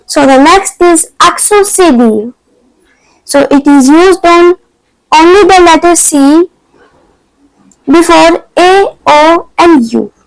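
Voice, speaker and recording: A woman teaching a beginner language lesson, explaining step by step and slowly repeating each example word for practice. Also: extremely high pitch, animated, no room sound, poor audio. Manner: slow, deliberate, repeats example words for practice. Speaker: French teacher. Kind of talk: scripted lesson narration.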